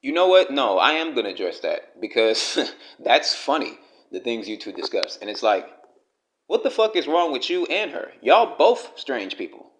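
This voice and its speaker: A man's voice: mid-range voice, big pitch swings, normal speed. A man with delivering a blunt, profane, scolding rant to the camera, talking straight at the person he criticizes. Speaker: commentary vlogger.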